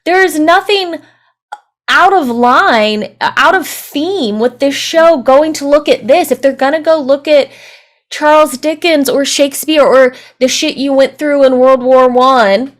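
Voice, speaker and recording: A young woman with a high voice makes her case in a reaction chat, laying out her argument step by step. She drops sarcastic asides along the way. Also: a little slow. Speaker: reaction show co-host. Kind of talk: casual discussion.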